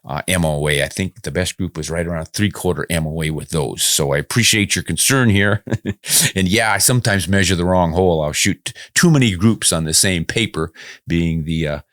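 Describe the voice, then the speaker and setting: A man's voice: low voice, normal speed, fairly bright tone, no echo, clean studio sound. An older man hosting a podcast, answering viewer comments in a casual, good-humored, self-deprecating way. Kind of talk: casual chat.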